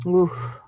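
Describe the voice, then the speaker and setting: A woman hosting a casual craft livestream, chatty and excitable, laughing often and reading out viewer names. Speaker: craft channel host. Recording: dry, dull lo-fi sound.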